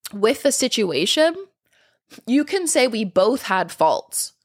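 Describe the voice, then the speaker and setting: A woman's voice: mid-range voice, a bit bright. A woman in her twenties talking straight to camera in a casual vlog, blunt and profane, going from hesitant to heated. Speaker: vlogger. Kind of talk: casual vlog talk reacting to comments.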